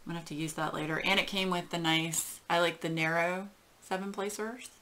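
A woman hosting a casual craft unboxing, gushing and getting emotional with breathy exclamations. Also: lowish voice, steady tone, fairly quick, fairly bright tone, slight background noise. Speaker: craft channel host.

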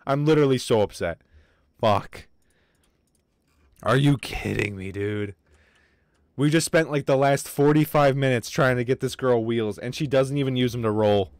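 A young man chats through a livestream of his game, swearing freely and flaring up in quick bursts of frustration. His voice sits at a middle pitch for a man. The sound is dry and close, with no room echo. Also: darkish tone. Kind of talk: casual gaming livestream commentary.

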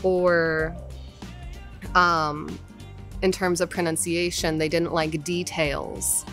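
Low-voiced woman voice actor giving advice. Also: level tone, fairly bright tone. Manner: explains carefully, deliberate and measured. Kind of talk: casual advice talk. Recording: faint background music.

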